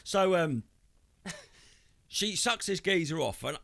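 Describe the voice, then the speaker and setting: A man, co-hosting a podcast, telling a crude story in a lively, swearing, animated way and acting out other people's lines. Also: high voice, slow, vocal fry. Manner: animated, swearing, acts out quoted voices. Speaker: podcast co-host. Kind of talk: casual comedic storytelling.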